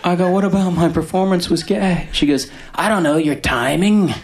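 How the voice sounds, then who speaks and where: Slow, deadpan male stand-up comic. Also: high voice. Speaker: stand-up comedian. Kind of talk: stand-up comedy. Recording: noisy live stage recording.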